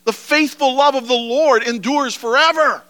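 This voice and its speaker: Male pastor, earnest sermon delivery, high tenor, crisp and bright, dry room. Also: moderate pace, dry recording. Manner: earnest, preacherly, rising to emphatic pleas.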